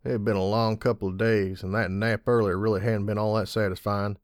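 A man's voice: on the low side, level tone, brisk, hardly any pauses, dry recording. Man reading a story, dry and wry. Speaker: audiobook reader. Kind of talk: reading fan fiction aloud.

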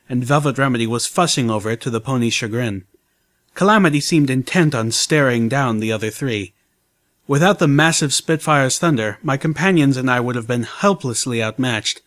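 A man narrating a fan-made audiobook in the first person, his pitch sitting in the middle of the male range. His reading is measured and steady, with a storyteller's pacing.

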